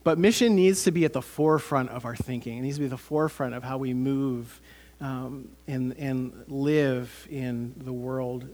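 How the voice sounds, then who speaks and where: A man's voice: mid-range voice, fairly even intonation, normal speed, a little mellow. A man, preaching a sermon as pastor, earnest and conversational with many fillers.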